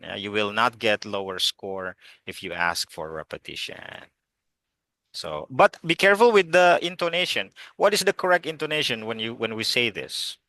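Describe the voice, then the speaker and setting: A man leads an online English class and cheerfully quizzes students one by one. His voice is bright and lively, with lots of rise and fall. The sound is close and dry. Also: medium pitch, no echo. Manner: encouraging, quizzes students by name. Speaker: English teacher.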